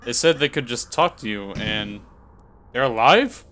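A man's voice: medium pitch, expressive, measured pace, sharp tone, a little hiss or hum. A man voicing an eager, cheerful young monster prince from a video game, with chirpy, upbeat delivery.

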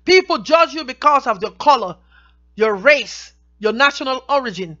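A woman teaching Bible verses, reading each verse slowly and then explaining it in plain everyday talk. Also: high voice, expressive, sharp tone. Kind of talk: scripture teaching with commentary. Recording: dull lo-fi recording.

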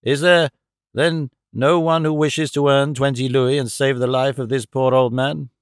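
A man's voice: medium pitch, little pitch movement, unhurried, smooth, no room sound, clean studio sound, natural voice. A man reading the part of an earnest mayor who urges a crowd in a pressing, pleading way. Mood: urgent. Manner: urgent, pleading.

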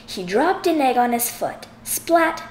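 A woman reading a children's picture book aloud, expressive and sing-song. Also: a little high, a little slow, echoey room, a little hiss or hum. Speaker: audiobook reader. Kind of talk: children's story read aloud.

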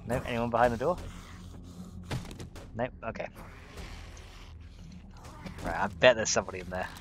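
A young man talks his way through a game in a steady chatty stream, breaking into quick excited outbursts when something happens. His voice sits at an ordinary middle pitch. Game sounds and a clear insect buzz run behind him. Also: background noise. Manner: chatty running commentary with sudden excited exclamations. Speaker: gaming video host. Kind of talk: let's play commentary.

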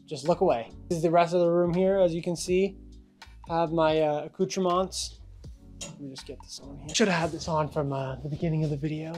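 A man's voice: a little high, fairly even intonation, a little fast, a little mellow, faint music behind. A young man giving a casual, joking tour of his new house for his vlog, chatty and self-mocking. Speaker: vlogger giving a home tour.

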